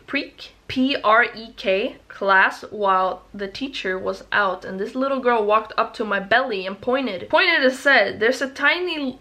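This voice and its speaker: A woman's voice: on the high side, bright, forceful tone. A woman reading creepy stories aloud in a casual way, stumbling on words and swearing in her asides.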